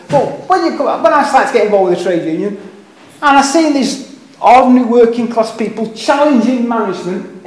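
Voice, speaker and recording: A man's voice: high-pitched, darkish tone. An older man with a Liverpool accent giving an earnest, rambling public speech at a meeting, with self-deprecating asides. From England. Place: meeting hall. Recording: echoey meeting hall.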